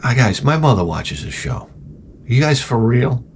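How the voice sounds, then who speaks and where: A man's voice: mid-range voice, very animated, unhurried, vocal fry, slight background noise. A man hosting a show, rambling through crude comedic chat and trailing off into mumbled asides. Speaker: show host.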